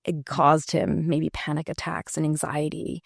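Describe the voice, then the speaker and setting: A woman's voice: sits low, flat delivery, a little slow, vocal fry, breathy edge, no echo, studio quality. A woman musician speaking candidly and reflectively in a casual interview, with many fillers. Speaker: musician guest.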